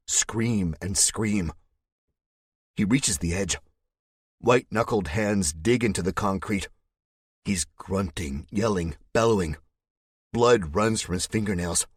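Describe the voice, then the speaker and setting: A man's voice: low-pitched, husky, no room sound. A man narrating an audiobook in the first person, telling it in a gritty, tense way on a close studio mic.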